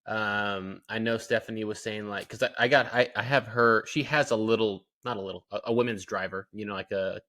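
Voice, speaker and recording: A man's voice: on the low side, brisk, hardly any pauses. Chatty young man telling dad stories. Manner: animated storytelling, lots of fillers. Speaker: podcast co-host. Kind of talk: casual chat.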